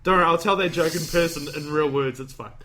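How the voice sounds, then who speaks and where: A man's voice: a little high, fast, fairly bright tone. A man hosting a podcast, rambling and joking in casual chat, acting out lines from a movie. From Australia. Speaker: podcast host.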